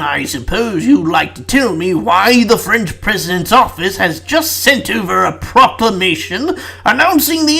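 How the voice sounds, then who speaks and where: A bullying, irate British prime minister in middle age, scolding and blustering, as a reader puts him on. His pitch rises and falls with lively swings. He talks down at the listener. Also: vocal fry, exaggerated voice.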